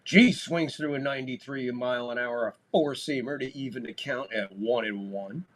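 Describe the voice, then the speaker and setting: A man's voice: medium pitch, normal speed. A man hosting a live baseball stream, giving casual play-by-play, talking loosely and swearing freely. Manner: loose, talky, swears freely, gets loud on big plays. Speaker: host doing live baseball commentary.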